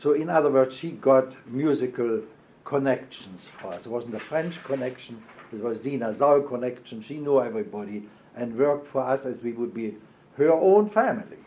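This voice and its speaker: An older man recalling his past in an oral history interview, speaking haltingly with fillers and self-corrections. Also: mid-range voice, animated. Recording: dull lo-fi archival tape.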